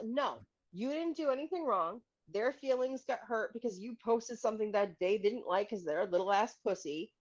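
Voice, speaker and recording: A woman's voice: a little high, expressive, moderate pace, hardly any pauses. Blunt, profane woman on a dull mic. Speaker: podcast co-host. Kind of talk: casual chat.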